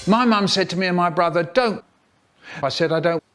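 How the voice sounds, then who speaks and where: A man doing an impression of an elderly male children's poet, telling rambling nonsense anecdotes with sudden pitch jumps. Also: moderate pace, over loud music, natural voice. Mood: absurd. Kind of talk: parody storytelling.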